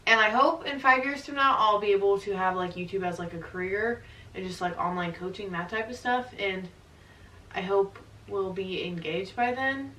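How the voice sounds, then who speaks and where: A woman's voice: mid-range voice, bright, forceful tone, echoey room, distant mic, slight background noise, low-quality recording. A young woman vlogger chatting casually and giggling often, filler words all through, answering couples questions.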